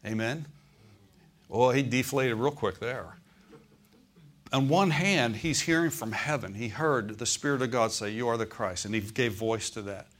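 A male pastor preaches to his congregation in a voice of middle pitch. He slows down to lean on key words and keeps stopping to ask for an amen. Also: fairly bright tone. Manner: preacherly, calls for amens, slows on key phrases. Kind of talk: sermon. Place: church.

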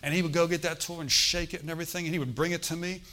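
A middle-aged man preaching a sermon, telling stories and acting out the voices of the people in them, swinging from hushed to loud. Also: a little high, steady tone, very fast. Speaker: pastor. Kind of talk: sermon storytelling.

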